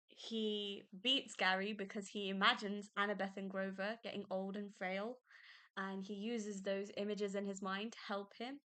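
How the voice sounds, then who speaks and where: A woman's voice: medium pitch, pushed and bright, clear, resonant tone. A young woman hosting a podcast, chatting casually and emotionally about a book she loves, often laughing. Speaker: podcast host. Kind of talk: casual book review chat.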